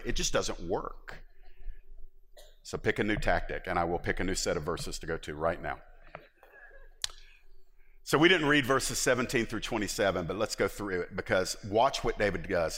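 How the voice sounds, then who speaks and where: A deep-voiced man preaches in a church sanctuary, and his words ring out through the large hall. He keeps it conversational and animated, making jokes with the congregation and slipping into excited, high character voices. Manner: animated, jumps into high voices acting out David; conversational, joking asides to the congregation. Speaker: pastor. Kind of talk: sermon. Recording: long reverb of a large hall.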